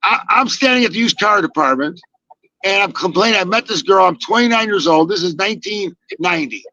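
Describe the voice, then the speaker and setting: A man in his sixties telling a casual story, acting out the quoted lines with lively energy and casual swearing. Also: high voice, a little fast, dry recording, dull audio. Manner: animated, acts out quoted dialogue, swears casually. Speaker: podcast guest telling stories.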